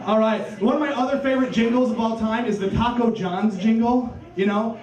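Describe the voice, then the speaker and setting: A young man from Iowa performing a stand-up set, deadpan and dropping into silly voices for punchlines. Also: extremely high pitch, brisk, few pauses, lo-fi sound. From Cedar Valley, Iowa. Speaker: stand-up comedian. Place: comedy club stage. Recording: echoey club from far off.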